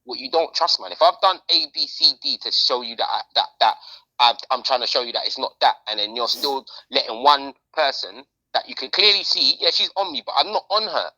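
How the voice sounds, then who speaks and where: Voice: mid-range voice, lively intonation, fairly quick, bright, forceful tone, rough recording. A podcast host, chatting casually in slang and repeating phrases for emphasis. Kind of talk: casual chat.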